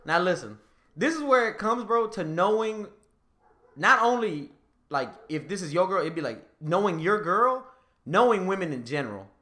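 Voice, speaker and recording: This podcast host shares a dating anecdote casually, at an ordinary pace, with noticeable reverb. He laughs as he gets worked up, animated throughout, his voice going high in excited moments.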